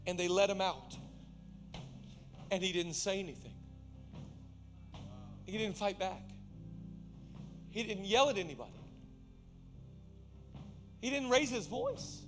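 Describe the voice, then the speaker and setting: A man in his thirties preaching a sermon to his church, swinging from shouted, energetic praise to quiet, intimate teaching. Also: high-pitched, takes it slowly, pauses often, faint music behind. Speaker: pastor. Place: large church auditorium.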